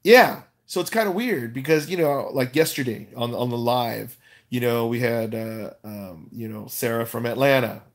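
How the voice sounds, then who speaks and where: A man's voice: medium pitch, moderate pace. Korean man, casual livestream chat, rambling, lots of fillers, self-mocking laughs. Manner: rambling, with many fillers and restarts, laughs at himself. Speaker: YouTuber hosting a livestream. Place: Los Angeles.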